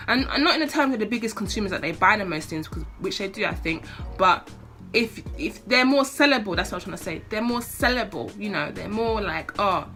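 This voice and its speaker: A woman's voice: on the high side, bright, forceful tone. A young woman vlogger delivering an impassioned, swearing rant to camera, getting more fired up as she talks. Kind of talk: casual opinion rant to camera.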